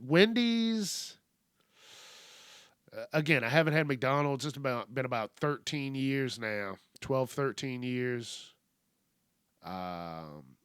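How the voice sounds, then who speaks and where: Guy ranting on his own podcast, swears a ton, slow talker, bright voice. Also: mid-range voice, no echo, clean studio sound. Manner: profane, blunt ranting. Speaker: podcast host. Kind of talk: solo ranting monologue.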